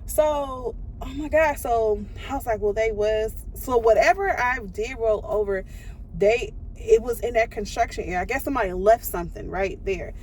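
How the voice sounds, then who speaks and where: A woman's voice: a little high, normal speed, a little mellow, low-quality recording. A woman telling a rambling story in a casual vlog from inside her car, with lots of fillers and restarts. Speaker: vlogger and single mother. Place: inside a car in city traffic. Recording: road and car noise behind.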